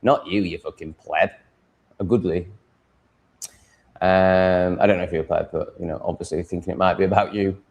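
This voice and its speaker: A man's voice: deep voice, steady tone, moderate pace, pauses often, lo-fi sound. A man with an English accent chatting with his livestream audience from home, blunt, profane and ranting. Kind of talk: casual livestream chat. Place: home room with cats.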